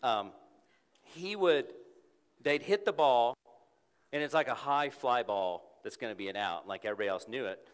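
A man preaching a sermon as pastor, telling stories playfully and then turning quiet and earnest. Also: medium pitch, clear, resonant tone. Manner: animated, playful storytelling with quick shifts to a quiet, earnest tone. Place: church sanctuary. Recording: long hall reverb in a church.

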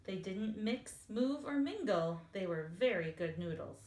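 A woman teacher reading a children's picture book aloud in an expressive storytelling manner. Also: mid-range voice, a little slow. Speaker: elementary school teacher. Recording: echoey room, faint hiss.

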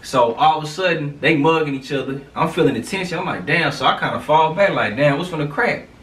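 A man telling a story from his school days in casual slang, animated and acting out the sounds. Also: fairly high pitch, fast talker, far from the mic, slight background noise. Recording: roomy, away from the mic.

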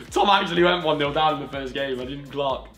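A man's voice: on the high side, fairly quick, fairly bright tone, faint music behind. A young man playing a football video game, cheeky and boastful as he trades jabs with friends. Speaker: gaming video presenter. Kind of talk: casual banter over video games. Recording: echoey room.

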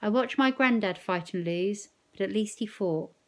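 A woman's voice: medium pitch, normal speed, lightly acted. A woman reading a novel aloud, voicing an elderly grandmother who speaks earnestly and coaxingly. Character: elderly grandmother, gentle but firm.

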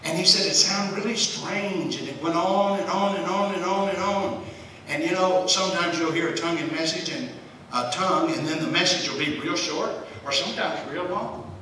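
Brief: folksy Bible study teacher, man, bright forceful voice, recorded from a distance. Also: high-pitched, moderate pace. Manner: folksy, conversational, chuckles often. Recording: echoey room, distant mic, faint hiss.

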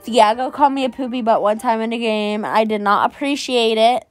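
A woman's voice: a little high, a little fast, dry recording, soft background music. A young woman chatting casually as she plays and talks about a video game, rambling and giggly, breaking into squeals and sing-song sounds. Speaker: gaming vlogger. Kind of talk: casual chat over gameplay.

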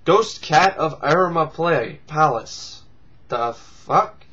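A man's voice: a little high, lively intonation, drawn-out words, pushed and bright, breathy edge, highs cut off. A man hosting a video blog, giving sarcastic, profane comic commentary and mocking things in squealed put-on voices. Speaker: vlog host. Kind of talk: casual comedic commentary.

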